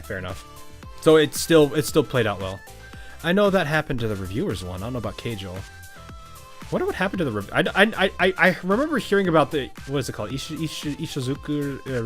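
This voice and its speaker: A man's voice: medium pitch, big pitch swings, fast talker, fairly bright tone, soft background music. A man streaming a game, chatting casually and stumbling over words while reading the story. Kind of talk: casual gameplay commentary.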